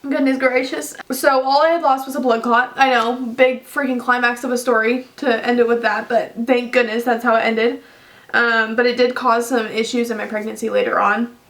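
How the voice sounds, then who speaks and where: A woman's voice: a little high, level tone, moderate pace, fairly bright tone. A young woman vlogging casually, telling a long personal story with many fillers and restarts. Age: young adult. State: tearful at times.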